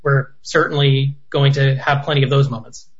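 A man as an interview guest speaking in a relaxed, chuckling way with many fillers. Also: mid-range voice, normal speed, dull audio. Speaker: interview guest, partner of the other guest. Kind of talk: conversational interview.

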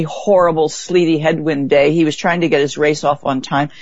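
A woman being interviewed, telling a vivid story in a lively way and acting out what others said. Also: low voice, no echo. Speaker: interview guest. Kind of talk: conversational storytelling. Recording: dull, dry lo-fi recording.

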